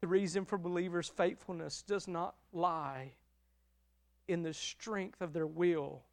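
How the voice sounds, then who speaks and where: A middle-aged man preaching a sermon as pastor, emotional and emphatic, swinging between loud declarations and hushed passages. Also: sits high, fairly even intonation, a little slow, gravelly.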